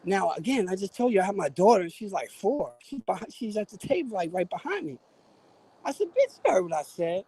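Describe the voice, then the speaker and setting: A man's voice: high-pitched, a little fast, breathy edge. A man, swearing and acting out the voices in a story as a guest on a live stream. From New York. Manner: profane, animated storyteller who acts out quotes. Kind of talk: casual storytelling chat. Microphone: remote stream call.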